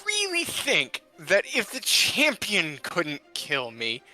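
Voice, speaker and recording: A man voicing a cold, menacing male villain, taunting in slow, drawn-out speech. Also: sits high, wildly swooping pitch, music in the background, exaggerated voice.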